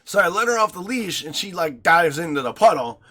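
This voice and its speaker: Brief: male podcast co-host, bright voice, lively swings in pitch, loose casual chat. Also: a little fast. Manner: animated storyteller, crude, laughs often. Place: home studio.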